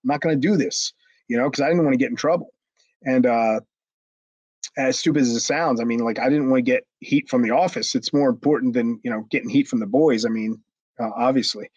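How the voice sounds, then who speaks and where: A man, a former wrestler, telling a story in a casual interview, animated and profane, acting out what others said. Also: mid-range voice, fairly quick, husky, dry recording, lo-fi sound. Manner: animated, acts out quotes with raised voice, frequent restarts and swearing.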